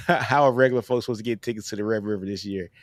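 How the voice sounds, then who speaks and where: A man's voice: fairly low pitch, fast talker, no echo. Laid-back male sports podcast host. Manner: laid-back, sprinkles "man" everywhere. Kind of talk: casual sports chat.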